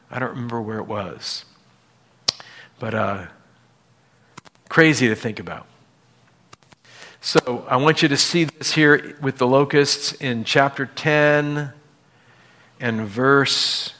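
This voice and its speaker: Pastor, male, mid pitch, animated casual sermon delivery. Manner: animated, acts out biblical dialogue in casual voices.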